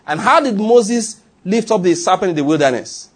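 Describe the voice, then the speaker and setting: A man preaching a sermon, reading scripture aloud and explaining it, slowing down to stress key phrases. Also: sits high, animated, breathy edge.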